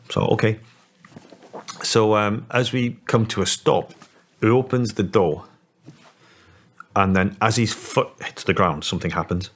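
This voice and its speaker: Deep-voiced Scottish man telling a story. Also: fairly bright tone. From Scotland. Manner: halting, with many restarts. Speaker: interview guest. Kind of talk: storytelling in an interview.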